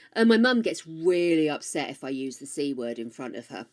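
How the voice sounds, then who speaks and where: A woman's voice: sits low, brisk, hardly any pauses, a little mellow. Frank, chatty older British woman streamer. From United Kingdom. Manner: chatty, frank and swearing freely, with playful asides to chat. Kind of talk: casual live-stream chat while gaming.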